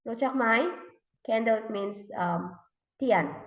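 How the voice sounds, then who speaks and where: A woman teaching English to young pupils, speaking with a Thai accent and repeating each word slowly for them to copy. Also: on the high side. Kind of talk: classroom lesson for young learners. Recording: dull, roomy, recorded from a distance.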